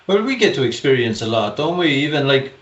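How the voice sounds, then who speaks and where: Irish man, animated storyteller, laughs often, echoey room, muffled call audio. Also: medium pitch, a little fast. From Ireland. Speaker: podcast co-host. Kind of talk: casual chat. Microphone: video call.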